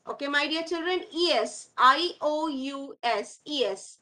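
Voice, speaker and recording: A primary school English teacher teaches young children online, slowly drilling words, repeating them and calling the pupils "my dear children." Her voice is high-pitched and bright with a forceful tone, and the recording is rough.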